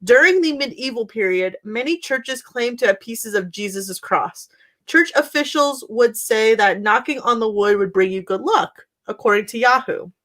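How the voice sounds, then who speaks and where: A woman's voice: fairly high pitch, expressive, moderate pace, fairly bright tone. A woman from Florida co-hosting a podcast, bantering playfully and giggling often. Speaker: podcast co-host. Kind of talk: casual chat.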